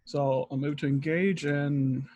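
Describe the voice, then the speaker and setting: A man's voice: fairly high pitch, fairly even intonation, unhurried, a little mellow, no echo, lo-fi sound. A man playing a tabletop game, calling out his moves and dice rolls in a matter-of-fact way. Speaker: player. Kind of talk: casual tabletop game play.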